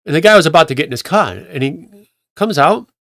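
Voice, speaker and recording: A male pastor talks his way through anecdotes in a loose, conversational manner, restarting sentences as he goes. His voice sits a little high for a man. The recording is dry and close. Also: expressive, brisk, fairly bright tone, no echo. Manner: rambling, retells clips with acted quotes, many restarts. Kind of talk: conversational sermon storytelling.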